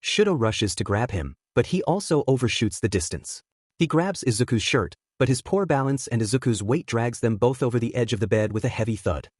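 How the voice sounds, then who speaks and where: A man's voice: medium pitch, expressive, fairly quick, husky, dry recording. Man reading fan fiction aloud, dry sound.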